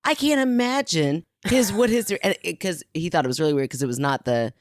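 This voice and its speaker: A woman in her thirties co-hosting a podcast, telling a story in a casual, animated way and laughing often. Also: lowish voice, fairly quick, no echo, studio quality. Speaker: podcast co-host.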